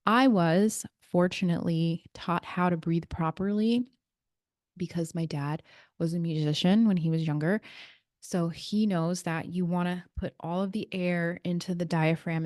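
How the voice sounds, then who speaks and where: Chatty woman with a lowish voice. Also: a little mellow, dry recording, studio quality. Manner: chatty, explains things with asides and small laughs. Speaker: podcast host and breathwork practitioner. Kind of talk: casual solo podcast talk.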